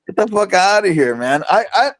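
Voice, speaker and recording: A man's voice: high-pitched, big pitch swings, brisk, fairly bright tone. A young man, tipsy from drinking, talking in a boastful, rambling way and stammering as he repeats himself in casual rowdy chat.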